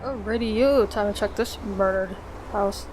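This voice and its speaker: A woman's voice: medium pitch, normal speed, darkish tone, soft background music. A woman casually commenting on a game she plays, reacting with swearing and laughter. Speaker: let's play gamer.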